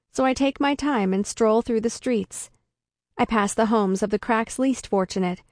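A woman reading a first-person story aloud in a deadpan comic way. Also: fairly high pitch, no room sound, studio quality. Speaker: narrator. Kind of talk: first-person audiobook narration.

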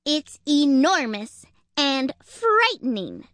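A woman's voice: sits high, very animated, slow, fairly bright tone, no room sound, clean studio sound, voice pushed up, full character voice. A woman voicing a frantic young male squirrel who is out of breath and gasping in panic. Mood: panicked.

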